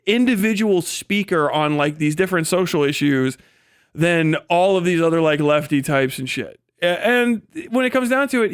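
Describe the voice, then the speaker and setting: A man's voice: high-pitched, smooth, no echo, clean studio sound. A young man hosting a livestream, ranting in a casual, profane and mocking way and laughing often. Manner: profane, mocking, laughs often, jumps into silly mimicking voices. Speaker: livestream host.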